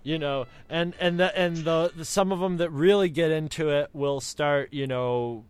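A man's voice: a little high, moderate pace, soft background music. An American man co-hosting a casual chat, rambling with many restarts as he talks. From United States. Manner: rambling, with many restarts and impressions of other accents.

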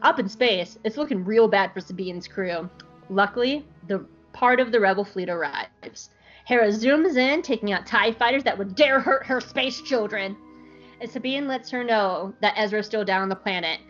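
A woman's voice: medium pitch, normal speed, muffled recording, faint music behind. A woman podcast host recapping an episode in casual, joking chat. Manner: animated, joking, irreverent.

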